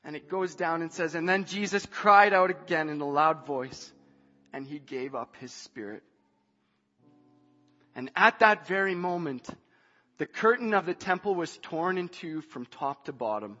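Male preacher, high slow delivery, dull recording with faint music behind. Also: lively intonation. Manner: swings from hushed reading to shouted emphasis. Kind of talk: sermon. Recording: dull sound, long hall reverb, faint music.

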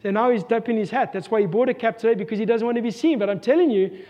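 A man's voice: extremely high pitch, racing, mellow, highs cut off. A man with a South African accent preaching a sermon to his congregation, earnest and full of rhetorical questions, often repeating himself. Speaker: pastor. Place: church hall. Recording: long reverb of a church hall.

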